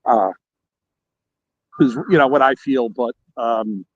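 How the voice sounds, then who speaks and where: A man's voice: medium pitch, takes it slowly, no room sound, lo-fi sound. A man calling in by phone from a park, rambling animatedly through a story with quoted dialogue. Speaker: caller. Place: outdoors at a park.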